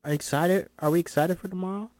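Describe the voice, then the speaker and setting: A man voicing a salty, old-school woman agent in her fifties who talks fast and pushy. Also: high voice, steady tone, darkish tone, no echo, voice pushed up, close to an everyday voice. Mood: brassy, pushy.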